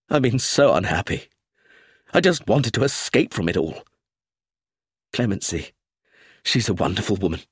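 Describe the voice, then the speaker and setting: A man's voice: lowish voice, husky, dry recording, studio quality, heavily acted. A man reading a storybook, voicing a clumsy, anxious middle-aged businessman who pleads eagerly.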